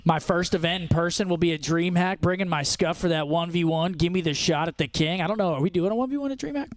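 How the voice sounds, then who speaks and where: A man co-hosting a live watch-party stream with quick, joking banter. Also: on the high side, dry recording. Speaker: stream co-host. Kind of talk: casual watch-party chat.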